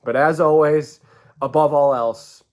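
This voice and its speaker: A man rambles through a casual sports vlog, full of stammered restarts. His inflections swing up and down as he talks. He sounds like a fan thinking out loud. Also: on the high side, fairly even intonation, unhurried.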